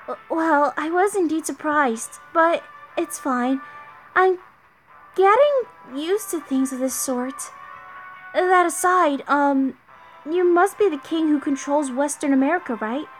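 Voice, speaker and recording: A timid young knight girl , as a woman puts her on, stammering politely in a high, light voice. Faint music drifts behind her. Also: lively intonation, slow pace. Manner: nervous, stammering.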